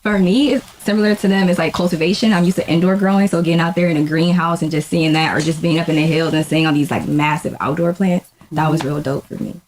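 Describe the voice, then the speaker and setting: A woman answering interview questions with excitement, in casual slang. Her voice is low for a woman. She speaks fast. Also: a little hiss or hum, poor audio. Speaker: student interviewee.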